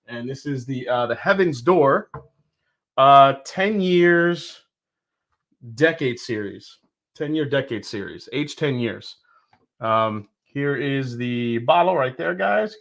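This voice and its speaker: A man's voice: mid-range voice, bright, forceful tone. A man hosting a live stream, from New York, chatting casually and greeting viewers one by one. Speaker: host.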